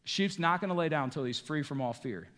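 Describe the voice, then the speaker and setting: High-voiced male pastor preaching in a reverberant hall. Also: a little fast. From northeastern United States. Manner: animated preaching, swings between hushed and rising emphasis. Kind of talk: sermon. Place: church sanctuary.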